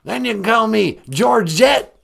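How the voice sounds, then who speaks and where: A brash, folksy ex-president calling into a show, as a man puts him on for a comic skit. He leans on a thick, exaggerated drawl and a boastful swagger, pitched up above a plain speaking voice, with a lively voice that swoops up and down. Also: measured pace, creaky, heavily acted. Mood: scheming. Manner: exaggerated folksy drawl, boastful, calls people 'man' and 'son'. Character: brash male former president, folksy redneck caller.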